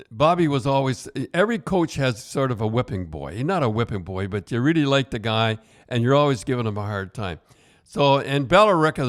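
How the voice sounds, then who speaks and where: An older man, a podcast host and retired hockey coach, telling casual stories in a rambling way with many restarts. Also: fairly low pitch. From Canada. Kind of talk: casual storytelling.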